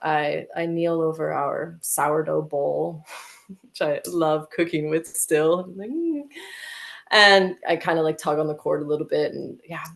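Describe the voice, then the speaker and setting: An American woman with a low, gravelly, fry-laden voice tells a personal story as a guest on a podcast. Her pitch barely moves and her pace is measured, yet she speaks vividly and emotionally, leaning heavily on "like."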